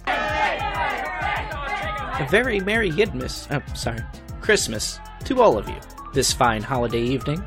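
A man's voice: sits high, very animated, a little slow, long pauses, crowd noise, heavily acted. An actor playing a smug, sanctimonious male cartoon mayor who makes pompous speeches. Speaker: town mayor. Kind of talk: animated cartoon acting. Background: music.

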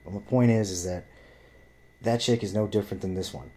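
A man's voice: on the low side, steady tone, a little fast, dark tone. A young man telling a story in a blunt, profane, heated rant; he grew up speaking Spanish. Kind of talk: casual ranting storytelling.

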